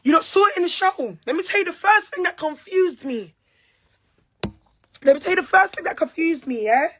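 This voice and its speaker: A woman's voice: extremely high pitch, expressive, moderate pace, bright, forceful tone. A young woman, speaking in a heated, repetitive, confrontational monologue. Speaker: reality show cast member. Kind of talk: angry monologue to camera.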